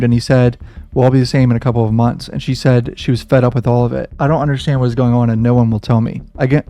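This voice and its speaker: Man, reaction video host, reads aloud, shaken, swears, dark mellow voice. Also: mid-range voice. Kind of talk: reading a diary aloud and reacting.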